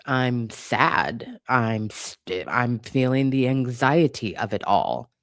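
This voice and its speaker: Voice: medium pitch, expressive, slow, hardly any pauses, fairly bright tone, no room sound, clean studio sound. A channel host giving an impassioned commentary monologue, blunt and profane, hammering points home with repetition.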